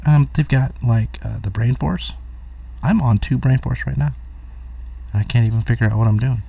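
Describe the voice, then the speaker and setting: A man's voice: mid-range voice, moderate pace, gravelly, mellow, slightly rough, dry recording, far from the mic. A middle-aged man hosting a rambling solo live stream from home, distracted and chuckling at his own jokes. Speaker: host of a live talk stream.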